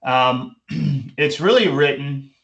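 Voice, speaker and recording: A man's voice: mid-range voice, lively intonation, slow pace, fairly bright tone, lo-fi sound. A middle-aged man teaching a recorded online lecture, informal, repeating his points with frequent ums and restarts. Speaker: instructor.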